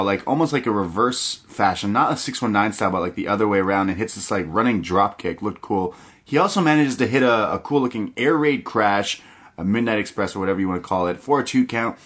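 A young podcast co-host recaps wrestling in a casual chat, his lowish, husky voice full of animation. He tells the story with quick impressions and laughs often.

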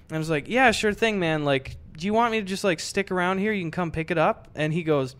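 A man's voice: quick pace, few pauses, clear, resonant tone. A young man co-hosting a podcast, telling a story in casual chat and acting out the people in it with big swings in his voice. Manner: animated, acts out quoted voices with big pitch swings. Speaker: podcast co-host.

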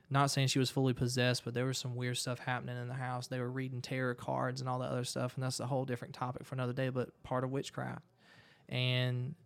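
A man's voice: mid-range voice, clear, resonant tone. A man earnestly retelling a story in casual talk, with frequent restarts.

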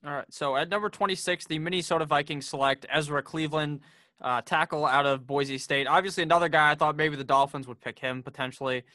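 A man's voice: fairly high pitch, steady tone, fast talker, pushed and bright, dry recording, studio quality. A man hosting a casual sports podcast, joking and swearing freely as he runs through picks. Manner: profane, joking, brash. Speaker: podcast host.

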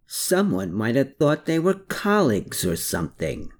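A narrator reading a novel aloud with an expressive, animated delivery. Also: medium pitch, measured pace, hardly any pauses. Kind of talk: scripted audiobook narration.

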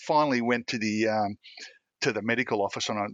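A man's voice: lowish voice, fast talker, a bit bright, no room sound, lo-fi sound. A middle-aged man, a former police officer, telling rambling anecdotes in a casual interview. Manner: rambling anecdotes, frequent restarts and self-laughter.

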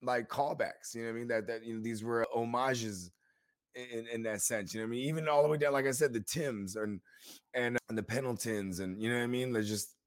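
Man, mid-pitched voice, podcast co-host, casual rambling chat. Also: steady tone, a little fast, clear, resonant tone. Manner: loose, rambling, keeps asking "you know what I mean".

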